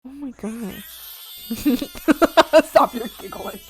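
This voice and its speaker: A woman's voice: high-pitched, very slow, slight background noise. A young woman streaming, chatting casually and thanking viewers, playful and giggly as she teases her chat with mock scolding. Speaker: art streamer.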